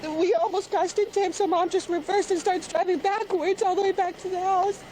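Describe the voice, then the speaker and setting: A young woman crying while giving police a rushed, halting account, recorded outdoors on a body camera. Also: very high voice, fairly even intonation, warm tone. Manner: breathless, halting, rushed retelling. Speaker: crime victim giving a statement. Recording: noisy police bodycam audio.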